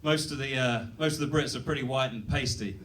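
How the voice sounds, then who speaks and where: A man's voice: medium pitch, brisk, a bit bright, far from the mic. A British man doing a self-deprecating stand-up set on a comedy club stage, rambling with fillers and restarts. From Britain.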